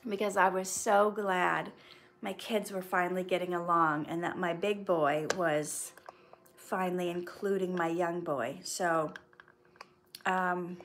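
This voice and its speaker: A woman's voice: medium pitch, a bit bright. A woman chatting through a casual livestream Q&A. She reads out her viewers' comments and answers each one in a friendly, chatty way. She gives earnest, faith-based advice and mixes it with light humor. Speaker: actress answering viewer questions.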